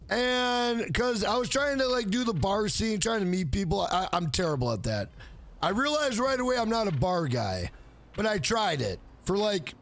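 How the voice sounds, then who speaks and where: A man around forty chatting live on stream with a fairly high, very lively voice that swings up and down constantly. He hypes his viewers and reads out their names with loose, profane energy. Faint music plays quietly behind him. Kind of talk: casual live-stream chat.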